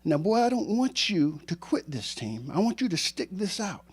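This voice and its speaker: A man plays a strict father who scolds his teenage son in a firm, lecturing tone. The voice sits fairly high and moves around a lot. It is delivered as a quote inside a told story. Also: big pitch swings, normal speed, husky, exaggerated voice. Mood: stern.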